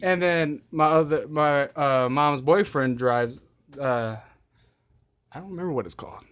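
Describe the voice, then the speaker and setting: Young man, podcast host, slightly higher voice, rambling, crude jokes. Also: a little slow, a bit bright, clean tone. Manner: joking, rambling, crude banter. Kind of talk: casual chat.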